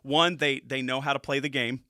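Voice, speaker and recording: A middle-aged man co-hosts a casual football stat show as coach, rambling and restarting his sentences with upbeat energy. His voice is bright and forceful. The sound is dry and close, with no room echo. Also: medium pitch, steady tone, moderate pace. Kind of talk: casual sports chat.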